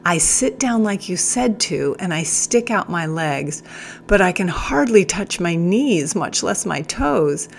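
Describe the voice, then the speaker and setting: A woman puts on a sly male prisoner for an audiobook, drawling his words slowly with a teasing edge. The voice sits a little low. A faint hiss runs under it. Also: animated, gravelly, exaggerated voice. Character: wry older male prisoner, sly and joking.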